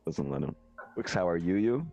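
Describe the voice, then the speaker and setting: A man's voice: deep voice, creaky, darkish tone. A man hosting a casual chat, laid-back and joking, swearing casually. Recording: lo-fi stream audio with faint music.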